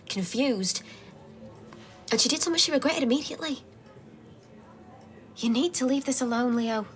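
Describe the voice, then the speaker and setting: A young woman, firm and scolding, higher pitch, tv drama. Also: a bit bright. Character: forthright young woman defending a friend.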